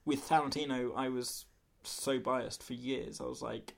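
A man's voice: medium pitch, fairly even intonation, unhurried, creaky. A man co-hosting a casual film podcast, rambling and hesitant with many fillers and restarts. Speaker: podcast co-host.

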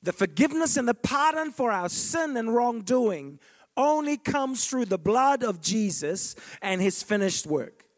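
A man preaches with real fervor, climbing to ringing declarations and then sinking to near-whispered asides. His voice sits high and swoops widely in pitch throughout. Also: very animated, unhurried. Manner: passionate, swinging from loud declarations to hushed asides. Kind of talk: sermon.

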